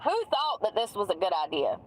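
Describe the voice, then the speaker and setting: A woman's voice: mid-range voice, huge pitch swings, a little fast, poor audio. Woman ranting from a car. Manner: ranting, sarcastic, profane. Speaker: vlogger. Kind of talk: ranting vlog.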